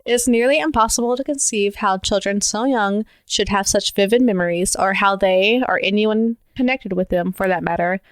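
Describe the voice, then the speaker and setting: A woman's voice: medium pitch, moderate pace, few pauses, no echo. A woman co-hosting a podcast, reading stories aloud and laughing often between them. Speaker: podcast co-host. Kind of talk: reading stories, casual chat.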